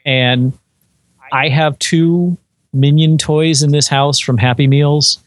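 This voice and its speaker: A man chats candidly on a movie podcast and swears freely as he talks. His voice is a little higher than most men's and has a husky edge. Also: steady tone, takes it slowly, no room sound. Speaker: podcast co-host. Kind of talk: casual chat.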